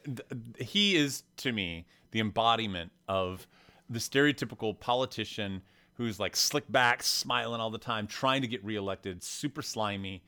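A man's voice: lowish voice, moderate pace, bright, forceful tone, clear, resonant tone. Rambling storyteller man on a podcast. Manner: storytelling, acts out quotes, rambling restarts. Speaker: podcast co-host. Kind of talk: casual chat.

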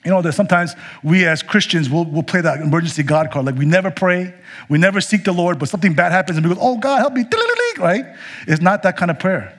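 A man preaching a sermon, earnest and expressive, slowing down to stress key phrases. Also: on the high side. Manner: earnest, expressive, slows for emphasis. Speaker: pastor.

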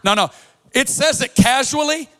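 A man's voice: very high-pitched, expressive, normal speed, fairly bright tone, clear, resonant tone. A man preaching a sermon, reading scripture and expounding it with an impassioned, sing-song cadence.

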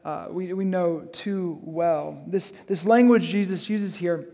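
A man's voice: high voice, takes it slowly, vocal fry, mellow. A male pastor preaching an expository sermon, reading scripture and breaking into casual, conversational asides.

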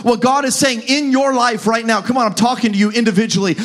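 A pastor with a very high voice preaches fast, his intonation fairly even. He talks the congregation through his points before rising into fervent, shouted calls.

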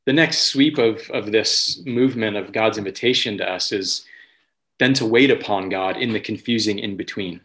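A man's voice: fairly low pitch, normal speed, fairly bright tone. A man preaching a sermon to his church, earnest and searching, often restarting phrases and lifting his voice when he speaks a prayer aloud. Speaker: pastor.

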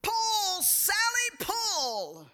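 A woman voicing a patient, shrewd old country farmer who yells commands at his mule, during a sermon. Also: on the high side, animated, measured pace. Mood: yelling.

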